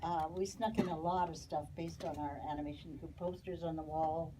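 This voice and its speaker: A woman animator reminiscing on a panel in a chatty, halting way with fillers. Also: sits low, fairly even intonation, a loud crowd. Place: panel talk before an audience. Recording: distant mic with clear background noise.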